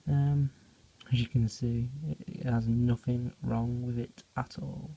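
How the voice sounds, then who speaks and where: A man chats loosely through a home vlog, filling gaps with ums and hesitations. His mid-pitched voice carries a gravelly fry, and he goes hushed whenever he leans in close. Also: flat delivery, measured pace, highs cut off. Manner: rambling, many ums, talks quietly near the animals. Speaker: tarantula keeper filming feedings. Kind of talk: casual off-the-cuff vlog narration.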